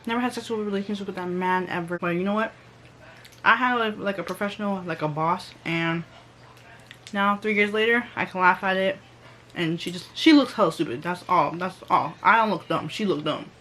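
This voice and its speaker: A woman's voice: fairly low pitch, brisk, slight background noise. A young woman telling a storytime vlog in casual, slangy talk, acting out what others said. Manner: animated, slangy, reenacts quotes. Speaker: vlogger.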